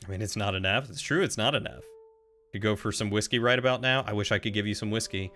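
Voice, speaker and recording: A man's voice: on the low side, fast, bright, forceful tone, faint music behind. A young man streaming a game live, joking casually with his chat.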